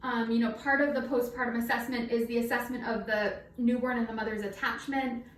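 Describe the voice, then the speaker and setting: Brisk and level in tone, with a fairly high voice, the masked night nurse chats informally as she leads the simulation, a bit out of breath and using many fillers. The echoey room and far-off mic are audible.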